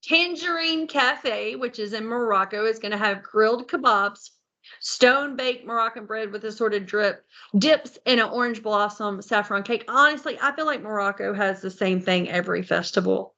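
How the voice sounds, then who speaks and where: A woman's voice: medium pitch, normal speed, sharp tone, muffled recording. A woman co-hosting a podcast in casual chat, reading out a menu and tripping over foreign names, laughing at herself. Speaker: podcast co-host.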